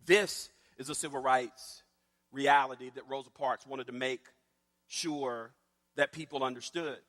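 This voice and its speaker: A man telling a story in a talk, animated and acting out the voices of the people he quotes, with long reverb around him. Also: mid-range voice, unhurried. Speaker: speaker.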